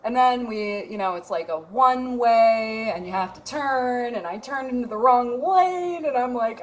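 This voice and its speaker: A woman's voice: a little high, a little slow, few pauses, slight background noise. A woman in her thirties, from Minnesota, tells a casual story on her vlog with a wry, self-mocking manner and plenty of swearing. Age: 30s. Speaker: vlogger.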